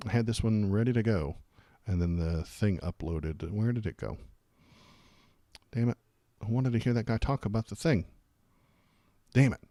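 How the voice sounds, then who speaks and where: A man's voice: fairly low pitch, moderate pace, pauses often, warm tone, dry recording. A man hosting a live political stream, reacting in casual, rambling commentary that turns sarcastic and slips into muttered curses.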